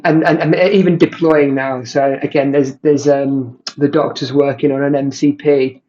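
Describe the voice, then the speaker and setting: A man walks through a software demo in a relaxed, halting way, stopping often on ums and restarting his sentences. His voice sits a little high for a man. The sound is a bit dull and muffled, as if from a basic desk mic. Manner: halting, many ums and restarts, self-described non-coder. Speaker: tutorial presenter. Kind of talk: casual screen-recorded walkthrough. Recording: muffled audio.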